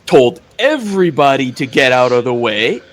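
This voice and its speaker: Male co-host, mid pitch, relaxed measured talk. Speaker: podcast co-host. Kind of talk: casual chat.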